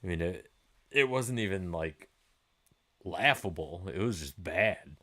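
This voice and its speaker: Slow, low-voiced laid-back male streamer. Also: lively intonation, a bit bright. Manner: rambling, laid-back, swears freely. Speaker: live-stream gaming host. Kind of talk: casual live-stream chat with viewers.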